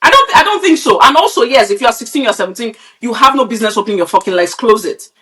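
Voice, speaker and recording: A woman's voice: fairly high pitch, animated, rapid-fire, a bit bright. A woman from Nigeria, a podcast co-host, ranting bluntly and with a lot of swearing in casual, opinionated chat. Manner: blunt, profane, heated ranting.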